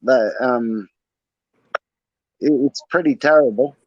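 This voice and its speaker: A man's voice: mid-range voice, slow, no echo. An Australian man hosting a casual livestream chat, slangy and conspiratorial in how he talks. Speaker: stream host. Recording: dull lo-fi audio.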